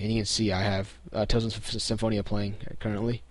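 A young man with a fairly low voice rattles quickly through a casual, step-by-step computer tutorial recorded on screen. The sound is dry, and his relaxed hosting includes many ums and restarted phrases.

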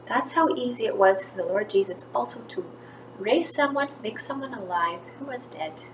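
A woman's voice: a little high, moderate pace. A woman teaching a third-grade class, telling a Bible story to children and acting out the quoted lines. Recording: echoey room, faint background noise.

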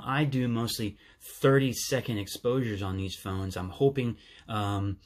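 A man hosting his own channel, explaining his gear in a casual, eager way with some fillers and restarts. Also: medium pitch. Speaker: channel host.

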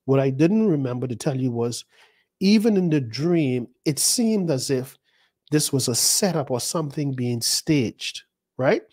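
In this sermon, a fifties-aged pastor uses personal dream stories to teach, his talk conversational, looping back with digressions. He has a medium-pitched, animated voice that is a little mellow and a little slow.

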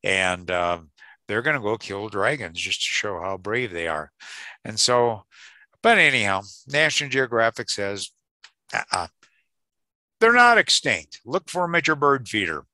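A man's voice: on the low side, expressive, normal speed, pushed and bright, no echo. A man giving a live seminar lecture in a chatty, joking way, often checking in with the audience and chuckling at his own jokes. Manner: chatty, jokey, checks in with "okay?" and "right?". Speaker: creation science seminar speaker.

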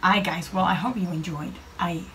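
A woman's voice: fairly low pitch, a little fast, bright, forceful tone. Jittery young woman reacting, distant mic. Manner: nervous, swearing, talking to viewers. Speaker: gaming vlogger. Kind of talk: casual reaction commentary. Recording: distant from the mic, with clear background noise.

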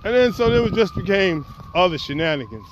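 Guy vlogging on a walk, high lively voice, little wind noise behind. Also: a little fast, dull audio. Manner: animated storyteller, acts out quotes. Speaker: poet and vlogger. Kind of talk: storytelling vlog while walking outdoors. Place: outdoors on a windy walk. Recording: faint wind and outdoor noise.

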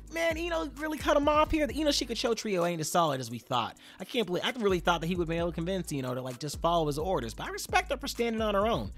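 Male manga recap host: casual and slangy, lively pitch, a bit husky. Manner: slangy, animated, talks straight to viewers. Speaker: anime and manga commentator.

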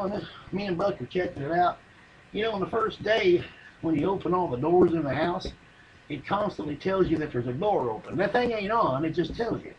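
A man's voice: high-pitched, highs cut off, background noise. A man telling a rambling, profane comic yarn in folksy, drawling speech. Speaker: comedian telling a story. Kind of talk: stand-up comedy monologue.

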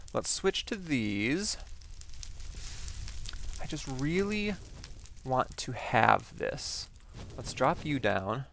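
A man hosting a game playthrough, chatting as he plays and breaking into excited exclamations. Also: mid-range voice, creaky, a little hiss or hum. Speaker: gaming channel host. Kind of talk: Minecraft let's play commentary.

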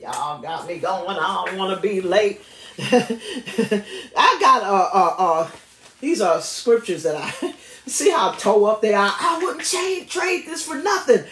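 A woman's voice: medium pitch, animated, takes it slowly, a bit bright, roomy sound, slight background noise. A woman pastor, preaching and praying with emphatic delivery and frequent laughter. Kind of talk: sermon and prayer.

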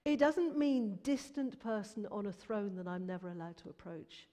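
A woman in her fifties, a Christian musician giving her faith testimony in an interview, earnest and animated with emphatic bursts. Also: mid-range voice, moderate pace. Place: church. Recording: long hall reverb.

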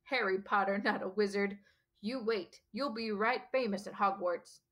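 A woman voicing a huge, bearded male gamekeeper who is gruff but kindly and speaks in a rough, folksy country dialect. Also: medium pitch, normal speed, a bit bright, lightly acted. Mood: fond.

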